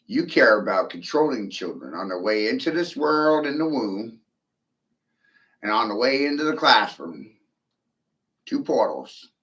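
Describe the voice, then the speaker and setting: A man's voice: mid-range voice, big pitch swings, a little slow, pauses often, fairly bright tone. A man giving an angry, profane monologue, swearing often and taunting his silent listeners.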